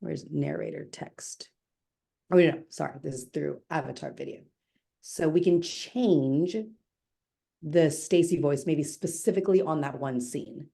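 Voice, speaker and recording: A woman walks viewers through a software demo on a video call. Her voice sits low and mellow. She talks in a chatty, upbeat way, with quick self-corrections. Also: vocal fry. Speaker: webinar presenter demoing software. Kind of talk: live product demo.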